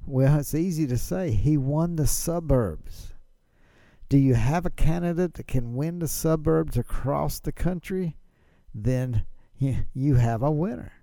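A man's voice: on the high side, measured pace, gravelly, dark tone, no room sound. A man hosting a political commentary show, chatty, asking rhetorical questions and chuckling. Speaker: podcast host.

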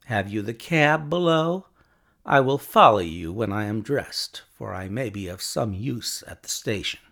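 A man reading Sherlock Holmes, brisk and ironic. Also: on the low side, lively intonation, fairly bright tone, exaggerated voice.

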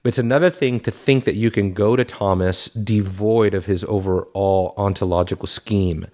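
Male host, low-pitched, thoughtful and hesitant, heavy on fillers. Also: fairly even intonation, normal speed, darkish tone. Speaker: podcast host. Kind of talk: casual conversation.

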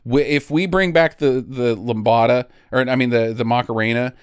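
A man's voice: medium pitch, moderate pace, clean tone, no echo, clean studio sound. A man hosting a casual comedy podcast, joking and laughing, often slipping into mock voices. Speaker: podcast host.

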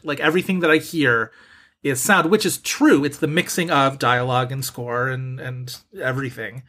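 A man's voice: medium pitch, steady tone, brisk, a bit bright. A man co-hosting a podcast, chatting casually and opinionatedly about film awards, rambling with restarts. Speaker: podcast co-host. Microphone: desk mic, typing while talking.

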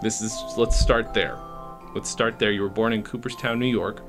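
An actor playing an awkward, patient man confronting his friend, talking in a hesitant, halting, polite way in a comedy sketch. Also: lowish voice, steady tone, over music, natural voice.

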